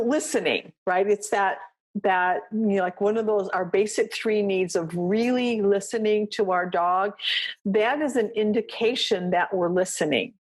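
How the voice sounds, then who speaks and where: A woman dog trainer hosting a podcast, with a voice at an ordinary middle pitch. She explains things in a loose, chatty way and often stops to ask "right?" or "you know what I mean?" She also slips into quick little acted exchanges with her dog. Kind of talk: coaching talk, casual explanation.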